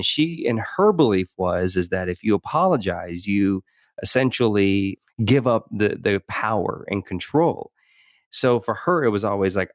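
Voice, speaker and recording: A male podcast host with a lowish voice, talking reflectively and circling back on his words. His speech comes through dry and close on the mic. He shares personal stories in a conversational interview. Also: normal speed, dry recording. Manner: thoughtful, with frequent restarts and "you know".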